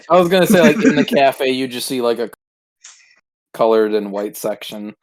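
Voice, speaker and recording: A man's voice: medium pitch, animated, moderate pace, dry recording. A man in a casual comedy podcast chat, giggly with rambling asides. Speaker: podcast co-host.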